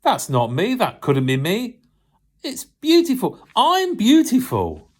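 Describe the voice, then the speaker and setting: A man's voice: mid-range voice, very animated, measured pace. A man voicing a frightened talking teacup that cries out and pleads, in a storytelling sermon. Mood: amazed.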